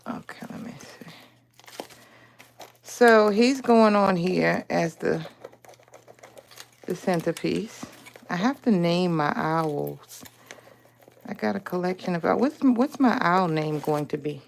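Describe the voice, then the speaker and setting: A woman's voice: lowish voice, slow, gravelly, pauses often, a little hiss or hum. A woman, hosting a casual live stream, telling folksy stories and acting out other people's lines while she crafts. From Aliquippa, Pennsylvania. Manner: chatty storyteller who acts out other people's lines; folksy, calls listeners honey.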